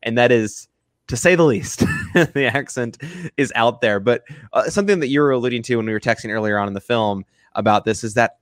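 A man's voice: mid-range voice, fairly quick, dry recording, studio quality. A man co-hosting a casual film review chat, rambling with many restarts and fillers. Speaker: film review podcast co-host.

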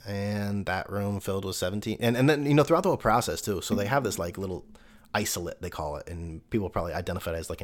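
A young man, a podcast host, telling a personal story in a loose conversational way, swearing now and then and laughing between thoughts. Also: low voice. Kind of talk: casual storytelling monologue.

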